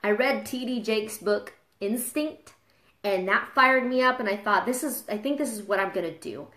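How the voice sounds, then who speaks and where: A woman's voice: on the high side, moderate pace, a bit bright. A woman in her thirties, a mom and fitness trainer, talking candidly and confessionally in a casual live video. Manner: candid, confessional, gets emotional. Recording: echoey room.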